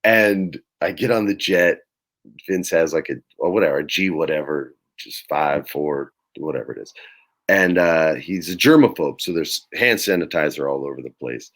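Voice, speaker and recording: A man as an interview guest, telling lively, frank anecdotes in a casual, profane way. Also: rumbling low, moderate pace.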